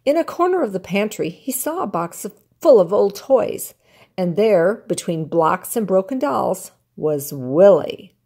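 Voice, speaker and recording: An older woman, a grandmother, reading a children's picture book aloud in an expressive, animated way. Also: medium pitch, unhurried, slightly rough. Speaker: storyteller grandmother.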